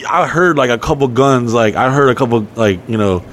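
A man's voice: medium pitch, quick pace, a bit bright. Rambling, profane man telling stories. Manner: profane, rambling, laughing storyteller. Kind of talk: casual storytelling chat.

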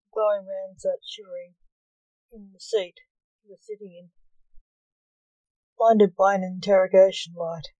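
A woman narrates a short story in a plain, unhurried way. Her voice is mellow and slow-paced. The recording is close and dry. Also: mid-range voice, fairly even intonation, dry recording, highs cut off. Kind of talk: reading a short story aloud.

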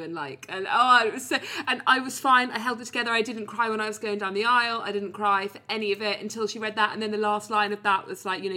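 A woman's voice: medium pitch, steady tone, fast, few pauses, pushed and bright. A young British woman co-hosting a podcast, telling a story in casual chat, swearing freely and laughing often. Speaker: podcast co-host.

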